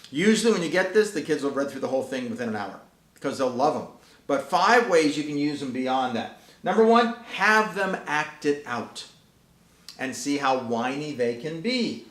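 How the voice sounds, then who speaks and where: A man's voice: a little high, a bit bright. A man presenting and promoting a children's book in an enthusiastic, folksy way. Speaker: author and presenter. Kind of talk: promotional talk. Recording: roomy echo.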